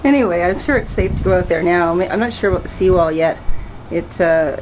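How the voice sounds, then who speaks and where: An older woman with a somewhat low voice chats to her camera out on a balcony, a bit breathless after exercise. She rambles, restarts and laughs often in a casual vlog. A faint outdoor hum sits behind her. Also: a little fast, low-quality recording. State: out of breath and sweaty after a workout. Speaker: vlogger.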